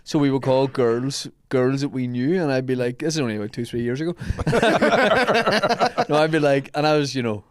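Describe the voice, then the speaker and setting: A man co-hosting a podcast, telling animated stories and laughing often. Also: medium pitch, a little fast, clear, resonant tone, no echo. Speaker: podcast co-host. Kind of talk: casual storytelling.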